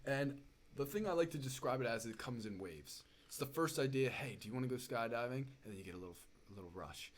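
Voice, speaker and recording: Animated young man telling a story. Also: medium pitch. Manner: animated, fast-building storyteller with lots of fillers and "dude". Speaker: podcast guest. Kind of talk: casual storytelling chat.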